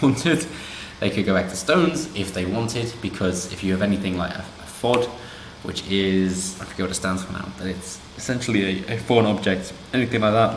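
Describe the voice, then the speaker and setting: A man with a low-pitched voice gives casual, sarcastic commentary on a news story, rambling and tossing in asides. The recording has a roomy echo and slight background noise.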